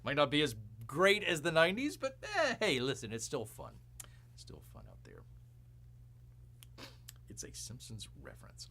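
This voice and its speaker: A man's voice: medium pitch, bright, forceful tone. A man hosting a live show, rambling through casual commentary and calling himself Bear with jokey, mock-outraged asides.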